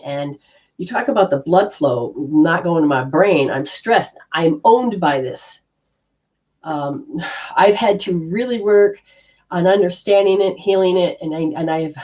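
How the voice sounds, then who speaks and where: Speaking with a darkish tone, a middle-aged woman from Australia who teaches energy healing shares a personal story in a casual manner, voicing her inner thoughts with abrupt pitch jumps.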